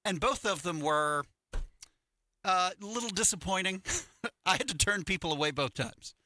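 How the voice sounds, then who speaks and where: Speaking at normal speed in a voice that sits high, this middle-aged morning radio co-host spins animated stories, performing the voices of those he quotes. The casual chat is recorded in a radio studio on a studio microphone.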